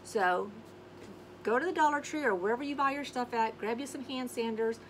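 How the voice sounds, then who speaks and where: Brief: a woman host of a casual crafting video, slightly high pitched, chatty and sing-songy, with audible background noise. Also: fairly quick, rough recording. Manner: chatty, sings little scat tunes while working. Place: home craft space on an acreage.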